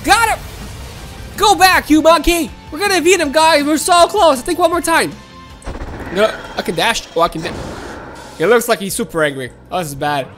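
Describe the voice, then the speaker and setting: A woman hosting a gaming channel, giving excitable let's play commentary and talking to viewers as "guys". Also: sits high, normal speed, soft background music.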